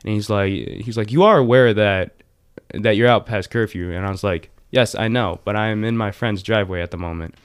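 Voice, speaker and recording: A man's voice: lowish voice, a little fast, few pauses, clean tone. Teen guy, casual chat, rambling anecdote, filler-heavy delivery. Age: teens. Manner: rambling, animated retelling with many fillers. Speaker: storyteller.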